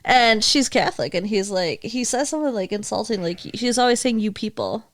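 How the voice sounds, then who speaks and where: A woman's voice: fairly high pitch, animated, fairly quick. A young adult woman co-hosting a podcast, chatting casually about a film, saying "like" a lot and laughing often. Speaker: podcast co-host. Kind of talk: casual chat recapping a film.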